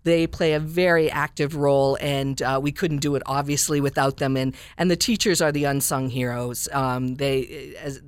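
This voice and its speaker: A woman's voice: extremely low pitch, fairly even intonation, normal speed, hardly any pauses, smooth, no room sound. A woman guest from a children's reading charity speaking earnestly in a radio interview and reading a storybook aloud expressively.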